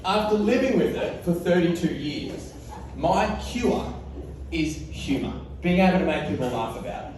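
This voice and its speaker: An Australian man in his forties delivers a comedic motivational keynote, joking and laughing as he goes. His voice sits high and carries from a distance. The sound bounces around a large echoey conference hall with noticeable background noise. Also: animated, normal speed. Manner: playful, laughs often. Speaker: motivational speaker.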